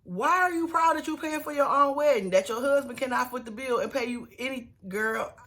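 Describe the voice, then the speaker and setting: A woman's voice: sits high, a little fast, a bit bright. A woman, casually recapping a reality show with sassy, mocking asides and bursts of laughter.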